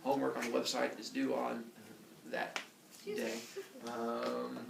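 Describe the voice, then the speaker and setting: A man's voice: medium pitch, flat delivery, takes it slowly, gravelly, noisy background. A man teaching a middle school class, joking and teasing his students as he goes. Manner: playful, teasing. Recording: echoey classroom from far off.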